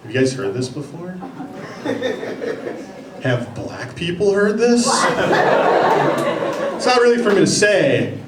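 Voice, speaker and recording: A man performing a stand-up comedy set with a dry, offhand delivery and pauses for punchlines. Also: sits high, big pitch swings, heavy background noise. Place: comedy club stage. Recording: echoey club recording from a distance. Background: loud audience laughter.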